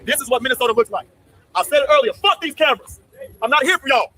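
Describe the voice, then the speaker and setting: A man with a high, bright voice rallies a crowd outdoors, talking fast. He is rousing and profane, and he gets the crowd to chant his lines back to him. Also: a little hiss or hum. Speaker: protest speaker. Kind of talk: rally speech with call and response. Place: outdoors at a street protest.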